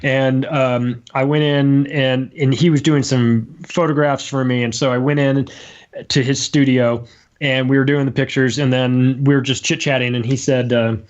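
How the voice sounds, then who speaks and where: A man telling a story as a guest on a casual live talk show. He is animated and acts out the voices he quotes. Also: medium pitch, normal speed. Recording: muffled lo-fi stream audio.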